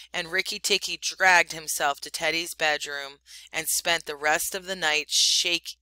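A woman teacher reading a story aloud in an expressive, deliberate storytelling way. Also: lowish voice, smooth, dry recording.

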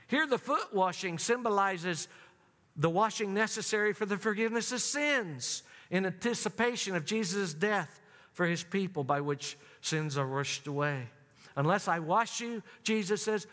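A man preaching a sermon, telling the story dramatically and swinging from high, loud emphasis down to low, hushed lines. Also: animated, normal speed. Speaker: pastor. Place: church sanctuary. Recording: long church reverb.

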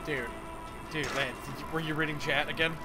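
A man's voice: a little high, steady tone, a little fast, over loud music. A man chatting casually with friends during a game stream, teasing them and swearing. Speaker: co-player. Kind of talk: casual gaming chat.

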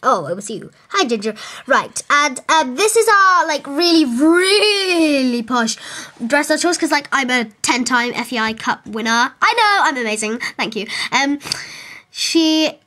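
A woman's voice: high-pitched, animated, moderate pace, sharp tone. Giddy young woman squealing through a tour. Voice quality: giddy, squealing whoops, valley-girl "like" fillers. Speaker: mock stable owner giving a tour. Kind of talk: silly improvised home-video comedy tour.

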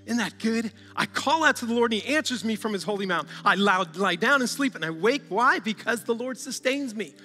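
High, bright-voiced preaching pastor. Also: male voice, lively intonation, fairly quick, hardly any pauses, big-room sound, slight background noise. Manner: exhorting, calls out to the congregation, laughs often. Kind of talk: sermon.

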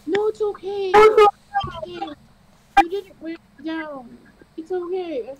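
A woman's voice: very high-pitched, takes it slowly, noisy background, pitched above the performer's own voice. A woman voicing a tiny, polite kobold fighter who speaks formally. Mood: reassuring.

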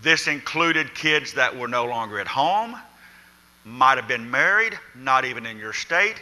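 A man's voice: medium pitch, lively intonation, a little slow, bright, forceful tone. A middle-aged man giving a live insurance seminar in a large conference hall, folksy, calling the audience folks and asking for a show of hands. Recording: reverberant hall.

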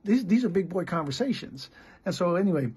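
High-pitched and sing-song, this middle-aged American man's voice is a little fast and a little mellow, yet gravelly and very raspy. A pastor and missionary, he preaches a frank, candid sermon in plain words, often starting sentences over.

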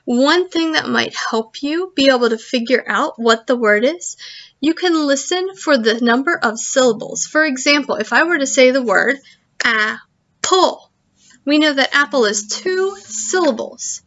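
A woman teaching a virtual music lesson to young children, giving slow, clear instructions. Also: high voice, expressive, fairly bright tone, muffled recording.

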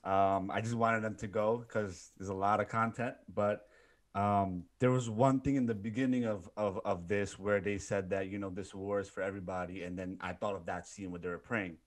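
Low-voiced Pakistani man, earnest and reflective, feeling his way through his words. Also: little pitch movement, normal speed. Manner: earnest, searching for words with frequent fillers. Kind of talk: reflective interview talk.

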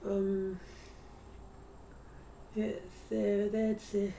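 A tired, yawning woman vlogs a casual video diary at home, her mellow, low-key voice soft, hesitant, and creaky, sometimes dropping to a whisper. Her delivery is flat with drawn-out words, and she sits far from the mic amid a faint room hum.

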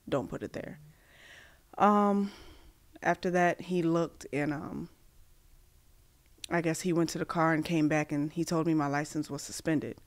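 Appearing on a podcast, a woman from Massachusetts haltingly recounts something personal, stumbling through fillers and restarts while performing the lines she quotes. Her voice sits low in a dry recording.

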